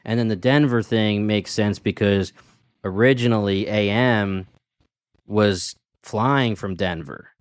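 A man's voice: on the low side, takes it slowly, clean tone, dry recording, clean studio sound. A man co-hosting a podcast, easygoing and laughing often as he chats about a TV show. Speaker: podcast co-host. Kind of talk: casual chat.

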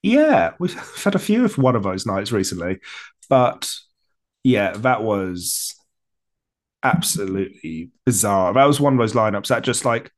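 Male podcast co-host, easygoing, agreeable, pitch moves around a lot. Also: big pitch swings, a little slow. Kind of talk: casual podcast chat.

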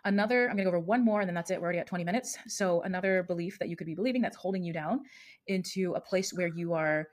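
Fast-talking earnest woman coach. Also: on the low side. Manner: earnest, fast-talking, repeats and rephrases herself. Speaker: podcast host and emotional coach. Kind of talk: solo podcast monologue.

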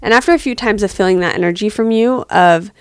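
A woman gives parenting advice on a podcast in a soft, empathetic manner, thinking aloud with small pauses. Her voice sits at a middle pitch for a woman. The sound is close and dry, with no room around it. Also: smooth, no room sound.

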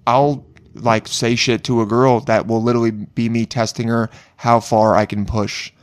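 A young man hosting a podcast, relaxed and teasing as he chats. He swears freely, and his voice sits at an ordinary mid pitch. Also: moderate pace, clean tone. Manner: laid-back, teasing, swears often. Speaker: podcast host. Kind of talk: casual chat.

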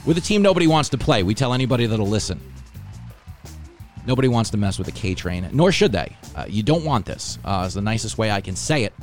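A man's voice: on the low side, very animated, fast, faint music behind. A man from Long Island, hosting a casual comedy show, joking and sarcastic about himself and the news. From Long Island, New York. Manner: joking, sarcastic, self-deprecating. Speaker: podcast host.

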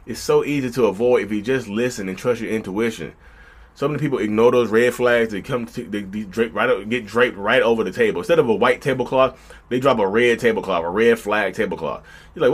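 Here the podcast host's voice sits on the low side as he talks fast and loosely in a lively solo segment. He speaks directly to listeners and puts on quoted voices along the way.

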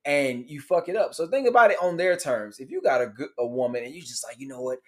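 A man's voice: a little high, expressive, quick pace. A young man hosting a casual podcast, laid-back, swearing and laughing easily. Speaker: podcast host. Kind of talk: casual chat.

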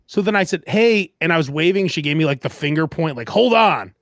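A man hosting a casual food podcast, chatty and animated, getting loud when he rants. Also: on the high side, quick pace, no echo, clean studio sound. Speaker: podcast host. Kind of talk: casual chat.

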